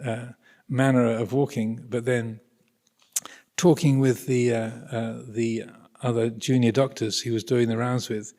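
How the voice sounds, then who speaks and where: An Englishman in a mid-pitched voice tells a long personal story to an audience. He rambles and hesitates, circling back with restarts and chuckling now and then. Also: little pitch movement, measured pace, warm tone. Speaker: speaker addressing an audience. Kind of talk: anecdotal spiritual talk.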